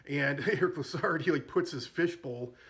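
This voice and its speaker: A man's voice: on the high side, moderate pace, fairly bright tone. A man casually recapping a comedy film, rambling and amused, with frequent fillers and self-corrections. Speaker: movie reviewer.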